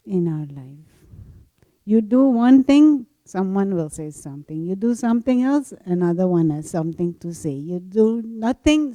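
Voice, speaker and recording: A woman meditation teacher telling a story in a gentle spiritual talk, laughing softly now and then. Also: medium pitch, dry recording. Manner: slow, gentle storytelling with frequent soft laughs.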